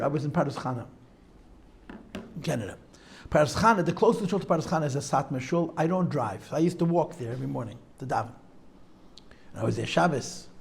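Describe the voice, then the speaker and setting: A man's voice: fairly high pitch, gravelly, a little mellow. A middle-aged man telling stories to a class at a Chassidic gathering, wandering off on tangents, repeating himself and mixing Yiddish and Hebrew terms into his talk. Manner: digressive, repeats phrases, peppers speech with Yiddish and Hebrew terms. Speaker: teacher giving a talk. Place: seminary classroom, live audience.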